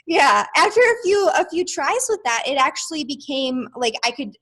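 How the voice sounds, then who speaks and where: A woman's voice: sits high, big pitch swings, normal speed, bright, forceful tone. A woman hosting a casual chat on astrology, talking easily with many "like" fillers. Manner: chatty, lots of "like" fillers. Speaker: astrology channel host.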